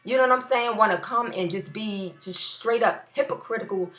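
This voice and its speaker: A woman's voice: a little high, normal speed, fairly bright tone. A young woman with a New York area accent, ranting heatedly in a video blog, cursing and repeating phrases for emphasis. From US tri-state area. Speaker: vlogger.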